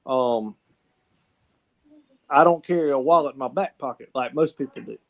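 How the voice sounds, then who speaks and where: A man's voice: mid-range voice, normal speed, creaky. A man from South Carolina with a Southern accent, telling folksy stories in a casual chat, repeating words as he goes.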